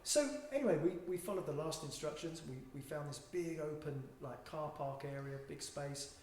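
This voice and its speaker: A man's voice: fairly high pitch, normal speed, a little mellow. A man telling a funny travel story in casual chat, laughing often as he goes. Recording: very echoey room with faint noise.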